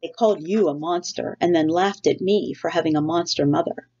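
A woman's voice: on the low side, fairly quick, dark tone. A woman reading aloud voices a young male gosling who talks in a childlike, questioning, whiny way. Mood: sulky. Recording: dull lo-fi recording.

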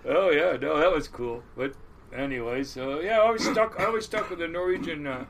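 A middle-aged man from Washington State, a crab boat captain telling stories in a casual interview, animated, swearing freely and restarting often. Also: a little high, brisk, vocal fry, background noise.

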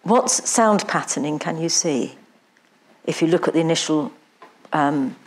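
A woman's voice: low voice, animated, a little slow. A woman tutor running a mock admissions interview, repeating words as she asks probing questions. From England.

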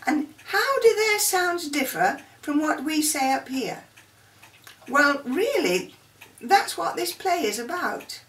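A woman presenter talking slowly and chattily about a play, asking her listeners questions. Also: high-pitched, fairly bright tone. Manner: slow, chatty teacher, asks questions. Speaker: drama presenter. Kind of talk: explaining a play to learners. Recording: roomy, from a distance.

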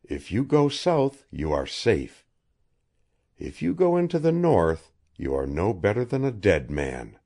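A grim, sardonic French guide with a French accent, as a male audiobook reader puts him on. He delivers dark warnings slowly, and his voice sits higher than the reader's own. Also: very animated, full character voice. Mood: solemn. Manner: grim, sarcastic, solemn warnings.

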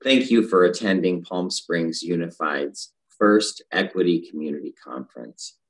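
District leader guy, very low voice, formal and measured thank-yous. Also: rough recording. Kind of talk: formal recorded address.

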